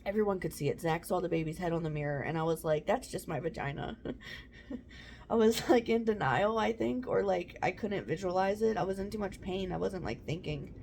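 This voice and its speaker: A woman's voice: fairly low pitch, normal speed, gravelly, a little mellow, a little hiss or hum. A young woman casually telling a personal story to camera, chatty with lots of "um" and "like". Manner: chatty, many "um" and "like" fillers. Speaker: mom vlogger.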